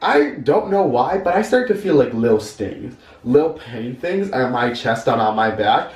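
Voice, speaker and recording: A man's voice: big pitch swings, moderate pace. A young man telling a dramatic, campy story from his childhood in a storytime vlog. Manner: campy, dramatic, swings into high-pitched voices. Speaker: vlogger. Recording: echoey room, far from the mic, music underneath.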